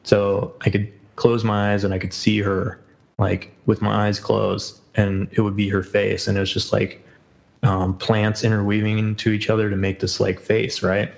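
A man's voice: on the low side, monotone, normal speed, gravelly, low-quality recording. A man as a podcast guest in casual chat, rambling with many fillers and self-corrections.

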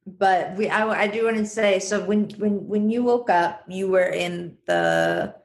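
A woman interviewing a guest, asking hesitant, halting questions. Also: medium pitch, sing-song. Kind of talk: conversational interview.

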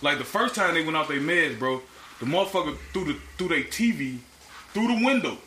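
Profane, animated man telling stories in a roomy space. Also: fairly high pitch, fairly quick. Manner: animated, profane storytelling with acted-out quotes. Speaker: podcast co-host. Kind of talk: casual storytelling chat. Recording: roomy echo, faint background noise.

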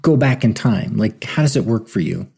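A big, hot-tempered man, as a narrator voices him in a storybook reading. He speaks bluntly and sounds exasperated and short-fused, in a gravelly, husky voice. The tone stays dark and mellow. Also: lowish voice, lively intonation, moderate pace, full character voice.

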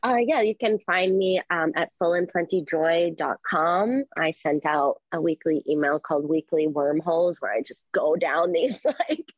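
Gentle woman therapist, dry close sound. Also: deep voice, expressive, normal speed, hardly any pauses, dry recording, highs cut off. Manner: gentle, explains concepts, acts out inner voices. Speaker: therapist guest. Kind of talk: explanatory interview talk.

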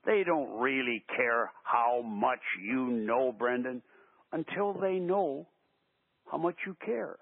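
Older coach guy telling stories over a phone line, husky and dry, voice swings up and down. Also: mid-range voice, slow, no echo. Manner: animated storyteller acting out quotes. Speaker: basketball coach, interview guest. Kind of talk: storytelling in a radio interview. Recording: tinny phone-line sound.

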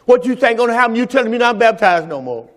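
A man's voice: extremely high pitch, very animated, fast, a bit bright, full character voice. A man quoting his exasperated wife, a doubting pastor's wife who confronts him with pleading questions, in a reverberant church hall.

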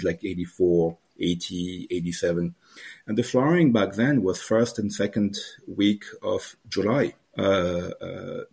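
A man's voice: on the low side, vocal fry, a little mellow, slightly rough. A wine grower answering interview questions at length, with frequent "uh" fillers as he explains. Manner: hesitant, many "uh" fillers, explanatory.

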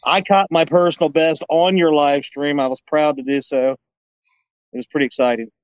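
A man's voice: fairly high pitch, steady tone, normal speed, no echo. Joking male podcast guest on dull audio. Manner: joking, teasing banter. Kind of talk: casual chat.

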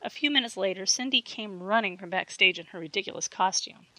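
A woman reading a fiction audiobook with steady storytelling narration. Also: medium pitch, a little fast, dry recording, rough recording.

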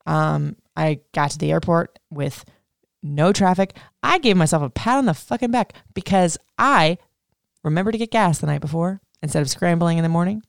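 A woman host with a lowish, gravelly voice that still sounds smooth and clear. She tells her story in a loose, rambling way, swearing freely and leaning on "like". The sound is close and dry, with no room around it. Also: expressive, moderate pace, dry recording. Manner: rambling, profane, heavy use of "like". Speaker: podcast host. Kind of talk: casual personal storytelling.

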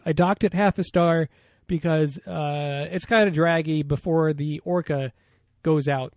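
A man's voice: on the high side, fairly even intonation, unhurried, darkish tone, dry recording. An American man co-hosting a casual movie podcast, rambling with lots of fillers. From United States. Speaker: podcast co-host.

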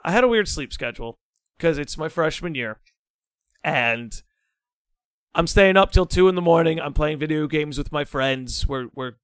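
Animated young man telling a story. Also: on the high side, moderate pace, clean tone, no echo. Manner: animated, dramatic, swears freely. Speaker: podcast guest. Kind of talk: casual storytelling chat.

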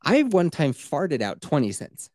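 A man's voice: a little high, huge pitch swings, a little slow, a little mellow, no echo. A man hosting a podcast, joking in a boisterous, crude, casual way. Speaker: podcast host. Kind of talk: casual comedic chat.

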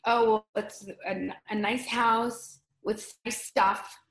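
A woman's voice: fairly high pitch, fairly even intonation, slow pace, a bit bright. Earnest middle-aged woman, roomy sound. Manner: earnest, emotional storytelling with many restarts. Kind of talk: casual conversation. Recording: roomy echo.

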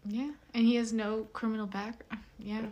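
A young woman co-hosting a podcast in casual chat, chiming in with quick, dry teasing remarks. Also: on the high side, level tone, dark tone, lo-fi sound. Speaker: podcast co-host.

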